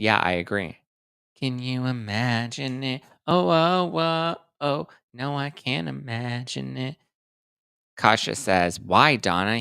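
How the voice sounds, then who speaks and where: A man in his thirties hosting a casual livestream, chatting quickly and reading viewer comments aloud. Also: fairly low pitch, vocal fry, clear, resonant tone, dry recording, clean studio sound. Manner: chatty, animated, reads live chat aloud. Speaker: host.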